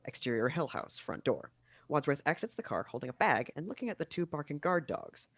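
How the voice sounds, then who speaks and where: A man narrating the stage directions of a screenplay at a casual video-call table read, with steady reading and dry asides. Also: on the high side, fairly quick, slightly rough, no room sound.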